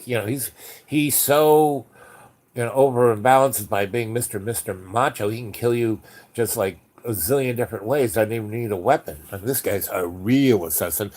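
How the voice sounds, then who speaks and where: A man's voice: fairly low pitch, normal speed, a little mellow. A man telling a long anecdote in a casual, rambling way, with frequent restarts and fillers. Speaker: storyteller.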